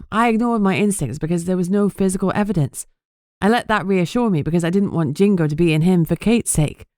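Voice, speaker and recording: A woman narrating a first-person audiobook in an earnest, steady manner. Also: fairly low pitch, dry recording, clean studio sound.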